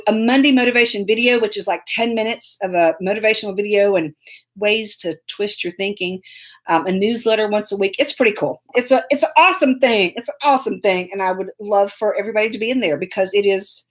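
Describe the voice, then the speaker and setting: A chatty woman hosts a live stream and talks into a phone on a tripod. Her storytelling rambles and is full of laughs, and she stops mid-sentence to welcome viewers by name. Her voice sits at an ordinary middle pitch. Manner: laughs often while telling stories. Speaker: host of a live online show.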